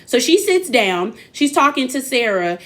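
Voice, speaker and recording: A woman's voice: high-pitched, a little slow. Sassy woman recapping reality TV. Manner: sassy, animated, acts out quotes. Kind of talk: casual reality show recap.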